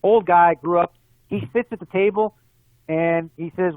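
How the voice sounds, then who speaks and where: A man being interviewed, talking in a fast, animated way and making his point through examples. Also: high-pitched, dry recording. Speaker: guest. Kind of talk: casual interview conversation. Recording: tinny phone line, dry.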